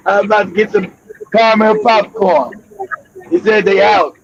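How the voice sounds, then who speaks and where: A man with a notably high voice talks in a loose, casual way, swearing freely and joking. His voice sounds muffled, as if through a low-fidelity line, with faint noise behind it. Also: steady tone, moderate pace, gravelly. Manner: profane, joking. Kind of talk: casual chat.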